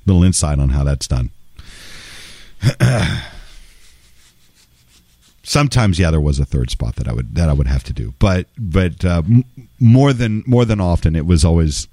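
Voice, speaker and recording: A man's voice: low voice, big pitch swings, a little slow, long pauses, warm tone, no room sound. A male voice-over artist telling a casual story in a wry, conversational way, with some salty language.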